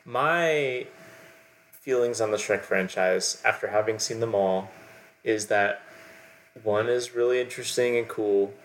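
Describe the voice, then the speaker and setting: A man's voice: fairly low pitch, measured pace, a little hiss or hum. A man co-hosting a podcast, analyzing films in a rambling casual way, peppering his talk with "like". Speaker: podcast co-host. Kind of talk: casual film discussion.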